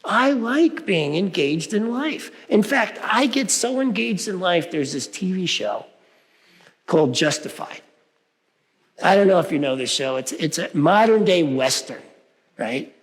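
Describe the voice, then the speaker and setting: A man's voice: sits high, sing-song, a little slow. A man preaching a sermon in a conversational way, often checking in with his listeners by asking "right?". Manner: conversational, frequent "right?" asides. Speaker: reverend. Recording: long hall reverb.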